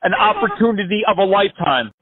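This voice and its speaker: A man with a high voice makes a prank call, rambling through absurd, profane rants. He sounds brash and pushy. The sound is thin and tinny, like a phone line. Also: animated, fast, noisy background. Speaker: prank caller.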